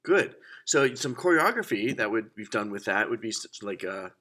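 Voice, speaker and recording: A man's voice: lowish voice, sing-song, moderate pace, very noisy. A young man teaching a children's music lesson, counting and chanting rhythms aloud in an upbeat way.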